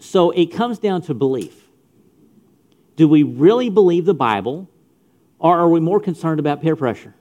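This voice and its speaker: A man's voice: fairly high pitch, lively intonation, normal speed, pauses often, a little mellow, lo-fi sound. A middle-aged man preaching a sermon to young people, emphatic, repeating phrases and speaking straight to his listeners. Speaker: pastor. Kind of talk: sermon to youth.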